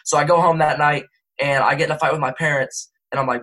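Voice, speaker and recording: A man's voice: a little high, steady tone, fast, sharp tone, poor audio. A young man, a rapper and interview guest, telling a rambling casual story full of slang and self-corrections. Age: young adult.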